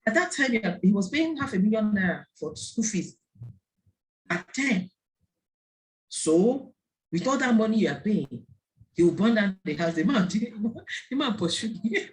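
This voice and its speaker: Animated woman talking to parents. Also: a little high, moderate pace. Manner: lively storytelling, acting out quoted voices. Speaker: parenting speaker. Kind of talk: online talk to parents. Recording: faint background noise and clicks.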